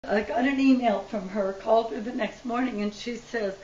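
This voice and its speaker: An older woman telling her side of a family story in an interview, soft-spoken. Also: a little high, normal speed. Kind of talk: personal storytelling. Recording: distant, dull, roomy.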